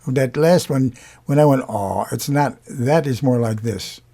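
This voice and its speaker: Slow, gravelly male singing teacher. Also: mid-range voice, mellow. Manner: unhurried, pausing often, demonstrating sounds. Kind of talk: slow explanatory lesson on vowels.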